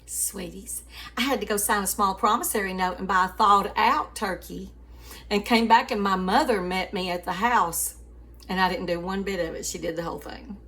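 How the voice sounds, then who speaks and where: A woman's voice: medium pitch, steady tone, moderate pace, bright, forceful tone. A woman host telling a story in a devotional chat, calling her listeners sweeties and family and often laughing.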